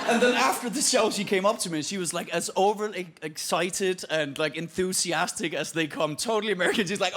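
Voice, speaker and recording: A man's voice: high voice, fairly quick, few pauses. A Danish man with an Irish-tinged accent, doing a self-deprecating stand-up set and acting out voices as he tells stories. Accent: Irish-tinged English. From Denmark. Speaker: stand-up comedian. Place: comedy stage. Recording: loud background noise from a live show.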